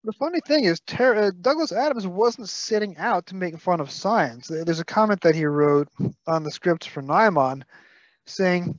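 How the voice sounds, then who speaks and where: Man, Brooklyn accent, podcast co-host, slightly high voice, dry muffled sound. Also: animated, moderate pace, no echo. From Brooklyn, New York. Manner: detailed, fact-heavy, playfully scolding. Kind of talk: casual podcast chat.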